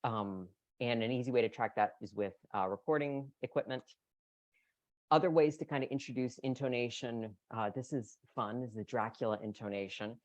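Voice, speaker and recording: A presenter lectures on voice training in an explanatory way, now and then demonstrating pitch patterns aloud. The voice sits at a middle pitch. The sound is dry, with no room echo. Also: normal speed. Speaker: presenter at a voice care meeting.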